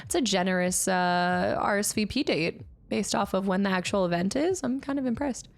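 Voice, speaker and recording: A woman's voice: medium pitch, moderate pace, gravelly. A woman chatting casually as she streams a game and thanks viewers by name. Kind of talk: casual live gameplay commentary.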